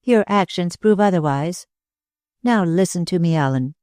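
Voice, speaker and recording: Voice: mid-range voice, moderate pace, dry recording, studio quality, natural voice. A narrator voicing a proud, bitter young woman. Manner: steady and bitter. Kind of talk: audiobook character reading.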